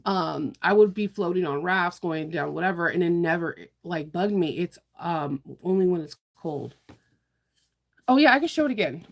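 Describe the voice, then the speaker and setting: Low, gravelly-voiced woman chatting on stream. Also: lively intonation, normal speed. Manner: chatty, laughs often, answers chat. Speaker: sewing livestream host. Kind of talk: casual livestream chat.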